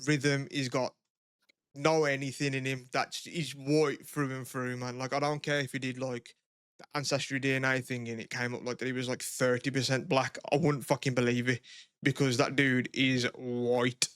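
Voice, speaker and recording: A man's voice: mid-range voice, a bit bright, clean tone, dry recording, studio quality. A young man co-hosting a podcast, chatting casually and rambling with lots of fillers and swearing. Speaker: podcast co-host. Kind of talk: casual chat.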